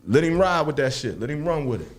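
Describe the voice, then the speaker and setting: A man co-hosting a radio talk show, arguing heatedly, swearing and laughing often. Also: fast talker. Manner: animated, swearing, laughs often, swings loud and high. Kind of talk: heated casual debate.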